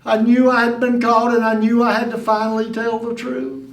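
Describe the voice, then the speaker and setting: A man telling a childhood story live at a museum in a folksy, unhurried way, recorded on a distant microphone. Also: very high-pitched, flat delivery, roomy sound. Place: museum venue.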